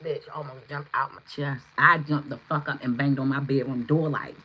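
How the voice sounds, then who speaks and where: A woman doing a live tarot reading, chatting with viewers, excitable and swearing freely. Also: rumbling low, moderate pace, husky, muffled recording. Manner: excitable, swearing, bursts into shouts. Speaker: tarot reader.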